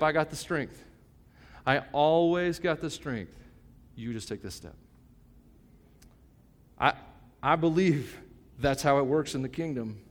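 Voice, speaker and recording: A man in his fifties, a pastor preaching a sermon in a conversational, joking and emphatic way. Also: mid-range voice. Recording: long hall reverb.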